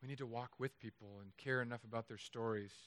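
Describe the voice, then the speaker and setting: A man preaching a sermon in a chapel, lively and conversational, with jokes. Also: medium pitch, fast. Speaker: pastor.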